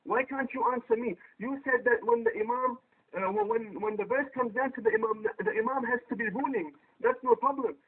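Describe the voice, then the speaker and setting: A man in a heated online debate, pressing his opponent with repeated, insistent questions. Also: very high voice. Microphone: poor quality microphone. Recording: tinny phone-like voice chat line.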